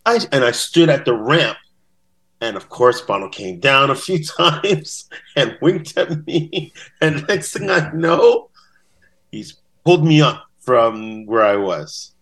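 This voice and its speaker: A man's voice: mid-range voice, big pitch swings, slow pace, a bit bright. A man telling stories as a podcast guest in a casual interview. He acts out quotes in different voices. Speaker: podcast guest, bass-playing fan.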